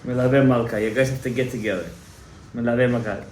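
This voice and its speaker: Fervent rabbi. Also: male voice, medium pitch, steady tone, brisk. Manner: emphatic, exhorting, rising to loud fervent urging. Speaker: rabbi giving a Torah class. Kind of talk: animated Torah lecture to a live audience. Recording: echoey room, faint room noise.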